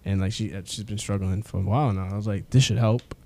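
A man's voice: low-pitched, little pitch movement, fast, gravelly, warm tone. A man laughing and swearing as he tells a story in casual chat.

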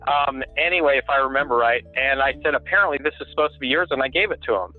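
A man's voice: mid-range voice, quick pace, faint music behind. A man being interviewed about his sand sculpting and carving. He tells rambling, jokey stories and laughs often. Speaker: guest sand sculptor and carver. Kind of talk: casual storytelling interview. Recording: tinny phone line.

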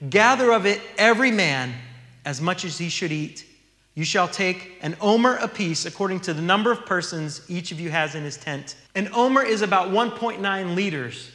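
High-voiced pastor preaching in a hall. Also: male voice, pushed and bright. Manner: earnest, teaching, reads scripture aloud. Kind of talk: sermon.

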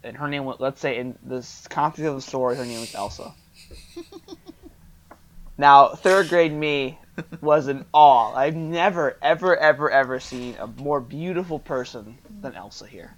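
A man's voice: mid-range voice, moderate pace, slight background noise. A young man co-hosting a podcast, telling a story in casual chat and acting out the dialogue. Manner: animated storyteller, acts out dialogue. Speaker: podcast co-host. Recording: dull lo-fi podcast audio.

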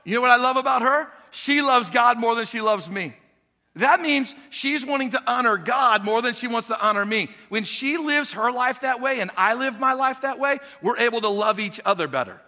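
A man's voice: extremely high pitch, animated, moderate pace, pushed and bright. A male pastor preaching a conversational sermon in a church sanctuary, talking the congregation through an illustration and posing questions to them. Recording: long hall reverb.

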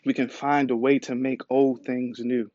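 Guy preaching slow n steady, mid pitch, lots of pauses and repeats, kinda muffled sound. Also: no echo. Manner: measured, emphatic, repetitive phrasing with many pauses and fillers. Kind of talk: sermon.

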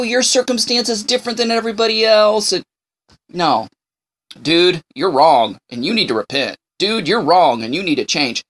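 A man's voice: a little high, a bit bright. A man hosting a devotional show, speaking emphatically and repeating key lines for emphasis. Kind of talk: devotional talk.

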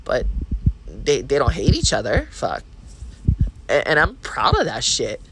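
A woman in her thirties with a Hawaiian Pidgin accent hosts a podcast, delivering a blunt, profane, rambling casual monologue. Her voice rumbles low with huge pitch swings and an unhurried pace, over a noisy background.

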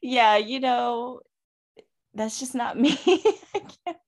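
Young woman, co-host, slow talk, swinging lively pitch, agreeable, laughs a lot. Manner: agreeable, laughs often, short replies. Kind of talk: casual live chat.

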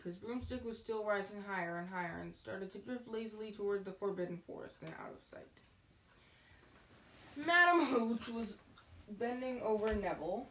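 Woman reading a novel aloud in an echoey room. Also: medium pitch. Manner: lively, expressive, self-correcting. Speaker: reader. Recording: roomy, distant mic, faint noise.

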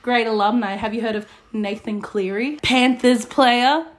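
Aussie girl cohosting a podcast at home, bit high voice, laughs a lot. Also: unhurried. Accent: Australian. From Australia. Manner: chatty, laughing often. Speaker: podcast co-host. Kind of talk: casual chat. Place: lounge room at home.

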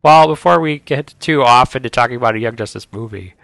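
Man, gravelly voice, dry close sound, casual chatty fan banter, podcast co-host. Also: medium pitch, a little fast, fairly bright tone, no room sound. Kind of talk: casual chat.

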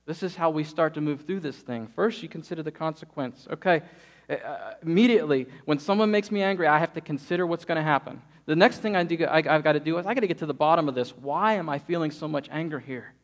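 A man in his thirties preaching a sermon, telling stories and acting out quotes with lively energy. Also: a little high, quick pace. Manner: lively storytelling, acts out quotes. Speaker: pastor.

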